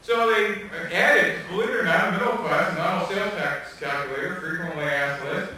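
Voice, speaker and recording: A man giving an animated, joking lecture, telling stories and laughing often, recorded from far off in a hall. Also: high voice, a little fast, a little hiss or hum. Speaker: guest speaker. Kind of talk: lively lecture storytelling.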